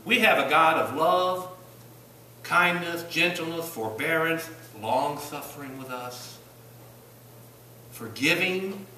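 Recorded from some distance in a reverberant church sanctuary, a Virginia preacher with a Southern accent delivers an emphatic sermon full of rhetorical questions for his congregation. His voice sits on the high side and comes across pushed and bright, with a bit of background noise.

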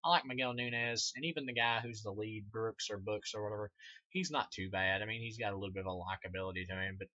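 A man's voice: lowish voice, steady tone, quick pace, pushed and bright, no echo. A man giving a casual, rambling movie review, swearing freely and laughing at his own remarks, on a dull lo-fi recording. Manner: rambling, profane, laughs often. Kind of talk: casual spoken film review.

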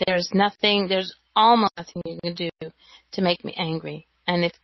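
A woman chatting casually as co-host, pausing with fillers and laughing now and then. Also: fairly low pitch, steady tone, vocal fry, dry recording. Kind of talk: casual chat. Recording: dry, dull lo-fi sound.

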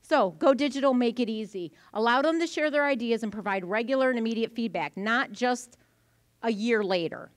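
A woman in her forties giving a lively conference presentation, telling stories and acting out the voices. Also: a little high, fairly quick, no room sound. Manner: animated storytelling, acting out voices. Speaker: conference speaker. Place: event venue.

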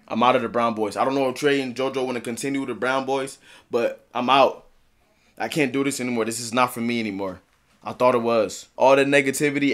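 A content creator in his twenties rants in an emotional, distraught vlog. His delivery swings between low muttering and loud shouting.

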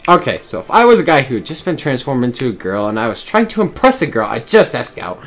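A man's voice: mid-range voice, very animated, fast talker, few pauses. A man reading a comic story aloud in the first person, now and then stopping to laugh and remark on his own reading. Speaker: story reader.

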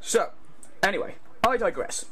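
A man's voice: high voice, big pitch swings, normal speed, fairly bright tone, breathy edge, pitched above the performer's own voice, exaggerated voice. A man doing a rambling stammering streamer parody. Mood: fussy. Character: exaggerated parody of a male streamer cooking noodles.

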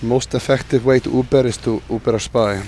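Brisk and mid-range in voice, a gamer with a sore throat runs jokey commentary over his gameplay. Faint noise lingers in the background as he excitedly talks to teammates and to himself.

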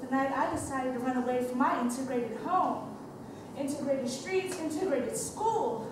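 A young actress with a high voice delivering a lively theatrical monologue. She is caught from far back in the house, and the stage reverb is heavy, with a faint hiss underneath. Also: normal speed. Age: young adult. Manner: vivid, playful storytelling.

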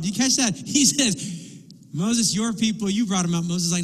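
A man with a notably high voice delivers an impassioned church sermon. He acts out desperate pleas in character as he preaches. The sound carries a long reverb from the church hall. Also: a little slow. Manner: impassioned preaching, acting out pleading quotes. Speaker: pastor. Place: church sanctuary.

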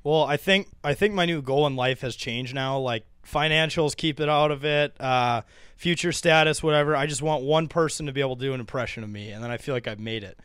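A man's voice: medium pitch, a little fast, a bit bright, clear, resonant tone, no echo, clean studio sound. Joking male podcast co-host. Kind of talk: casual podcast chat.

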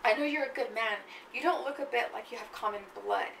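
A woman voicing a desperate old grandmother who pleads in a raised, higher voice, recorded from a distance in an echoey room. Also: fairly quick, creaky, background noise. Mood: desperate pleading.

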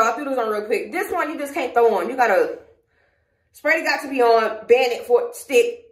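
A woman's voice: on the high side, fairly bright tone, roomy sound. Frustrated Southern woman vlogging at home. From Georgia, USA. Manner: frustrated, rambling, speaks her mind. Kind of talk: casual vlog talk to camera. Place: at home, indoors.

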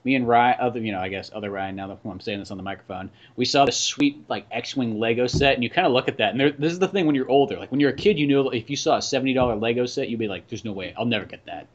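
A man's voice: medium pitch, quick pace, few pauses, highs cut off. A man co-hosting a podcast in casual chat, laughing often and acting out quoted voices. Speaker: podcast co-host.

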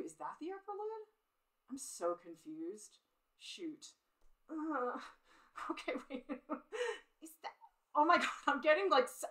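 A woman's voice: medium pitch, a bit bright, poor audio. A middle-aged woman teaches drawing in a live stream, talking as she works. Her voice swings widely up and down, and she keeps up a self-critical, chatty running commentary, laughing at her own slips. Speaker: art teacher.

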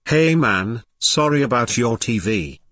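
A man reading viewers' chat comments aloud on a live show, in a flat read-aloud delivery. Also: medium pitch, unhurried, no room sound.

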